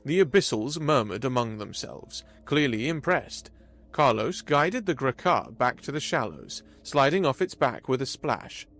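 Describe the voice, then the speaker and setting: A man giving an expressive scripted narration of a sci-fi story. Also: medium pitch, a little slow.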